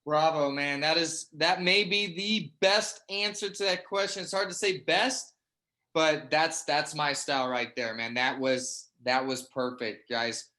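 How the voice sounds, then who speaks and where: A man's voice: fairly high pitch, fairly even intonation, unhurried, pushed and bright. A man hosting a sales testimonial call, enthusiastic and full of praise, ending phrases with "man". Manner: enthusiastic, repeats "man" a lot. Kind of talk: energetic pep-talk interview. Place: online group call.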